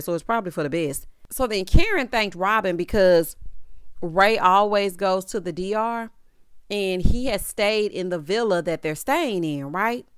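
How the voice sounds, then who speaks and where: A woman's voice: mid-range voice, fairly bright tone, clear, resonant tone, dry recording, clean studio sound. A woman hosting a reality TV recap, casual and sassy, talking straight to her viewers in slang.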